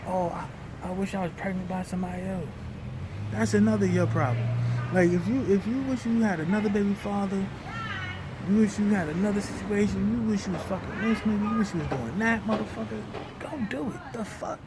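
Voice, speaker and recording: A young man vents straight to camera, heated and profane. His voice sits fairly high and jumps between loud bursts and low grumbling. Traffic and passing vehicles rumble clearly behind him. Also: brisk. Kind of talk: venting rant to camera.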